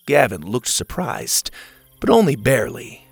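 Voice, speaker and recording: A man narrating a children's adventure story in a lively storytelling manner. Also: medium pitch, unhurried, gravelly, faint music behind.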